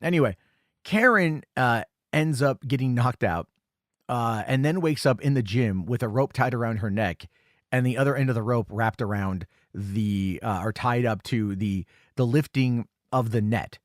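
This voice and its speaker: A man's voice: mid-range voice, normal speed, dry recording, studio quality. Rambling casual man recapping a film. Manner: rambling, self-correcting, lots of fillers. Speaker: podcast host reviewing a film.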